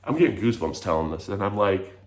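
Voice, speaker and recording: A man's voice: low voice, expressive, fast talker. A man frankly telling a personal story in a vlog, emotional and rambling, with lots of "like". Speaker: vlogger.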